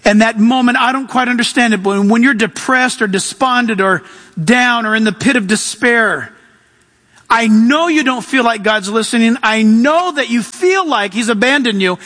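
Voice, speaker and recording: A pastor preaching a sermon, animated and acting out the voices of the people in his stories. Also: very high voice, long reverb tail. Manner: animated, acts out voices, shifts between loud and hushed.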